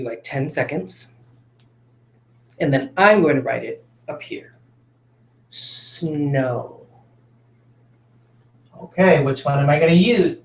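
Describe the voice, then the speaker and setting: Patient male teacher in roomy echo. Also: fairly high pitch. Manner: patient, coaxing, with tag questions. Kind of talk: phonics lesson for children.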